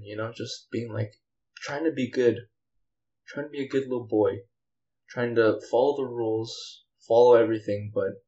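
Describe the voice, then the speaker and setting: A man hosting a solo podcast rambles through an angry, bitter rant, full of fillers, sighs and profanity. His voice is mid-range and a little mellow, and the recording sounds muffled.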